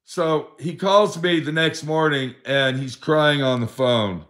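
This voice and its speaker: Speaking slowly in a slightly high, fairly bright voice, this middle-aged vlogger rambles through a sad story about a friend. He's profane throughout and performs his friend's words as quoted dialogue.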